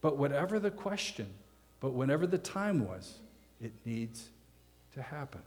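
A man's voice: medium pitch, sing-song, moderate pace. A man preaching a sermon as pastor, in a conversational style that leans on rhetorical questions. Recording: long hall reverb.

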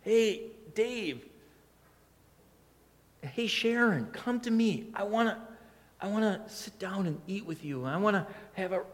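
A man voicing God as a gentle figure who calls people by name, speaking soft and coaxing. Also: sits high, animated, takes it slowly, pauses often, big-room sound, voice pushed up.

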